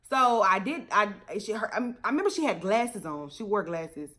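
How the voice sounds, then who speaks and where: Animated young woman telling a story. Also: medium pitch, moderate pace. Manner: animated, laughs often, swears freely. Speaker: vlogger. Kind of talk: casual storytime.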